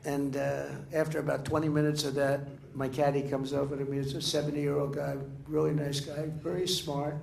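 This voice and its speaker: Older male speaker, fairly high voice, loose digressive delivery, echoey hall with faint room noise. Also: flat delivery, a little fast, creaky, few pauses, a little mellow. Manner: rambling, digressive, with many fillers and restarts. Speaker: political speaker. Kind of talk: off-the-cuff dinner speech. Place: dinner event in a large room.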